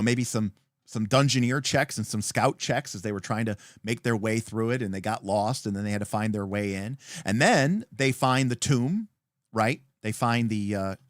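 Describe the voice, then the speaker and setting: Man, livestream host, lively swooping pitch, emphatic, dry close sound. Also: no room sound. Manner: animated, emphatic explainer with many fillers. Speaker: host explaining a tabletop game. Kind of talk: livestream talk.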